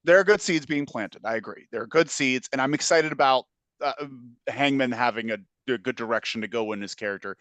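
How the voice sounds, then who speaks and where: A man in a middle pitch co-hosting a podcast, reading listener comments aloud and tossing in jokes. He laughs easily and keeps a loose, casual manner. His voice is close and dry, with no room echo. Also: a little fast, fairly bright tone. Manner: laughs often, jokey, reads comments aloud. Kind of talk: casual chat.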